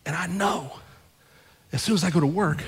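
A male pastor telling a story in a sermon, acting out both sides of the conversations with lively shifts in his voice. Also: high-pitched, moderate pace, slightly rough. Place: church sanctuary. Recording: long hall reverb.

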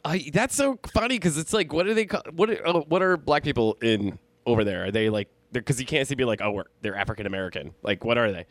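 A man's voice: fairly high pitch, quick pace, hardly any pauses, dry recording. Rambling thirty-something podcast man. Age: 30s. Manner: loose, rambling, swears freely. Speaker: podcast co-host. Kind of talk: casual podcast chat.

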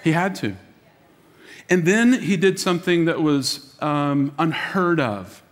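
A man preaching as lead pastor, dramatic, dropping to a hush for emphasis and acting out quoted voices. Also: a little high, animated, takes it slowly. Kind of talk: sermon. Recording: long reverb of a large hall.

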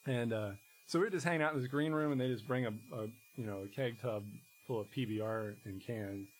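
A man, a musician guest in casual conversation, talking in a rambling, halting way full of restarts and fillers. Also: mid-range voice, slight background noise, poor audio.

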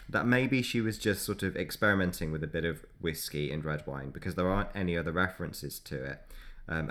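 Male podcast co-host, very low voice, relaxed explanatory storyteller. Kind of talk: casual history chat.

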